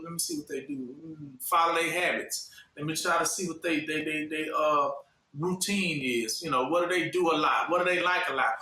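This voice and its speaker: Man, preacher, sermon, sharp bright tone, fill-in-the-blank questions, roomy echo, distant mic. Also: high-pitched. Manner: call-and-response questions, fill-in-the-blank pauses. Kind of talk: sermon teaching. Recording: echoey room from far off.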